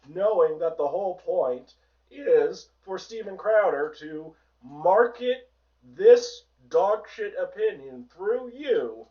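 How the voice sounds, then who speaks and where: Brief: hoarse male host, sarcastic and profane, a bit high-pitched, muffled and far off. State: hoarse from a sore throat. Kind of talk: ranting political commentary.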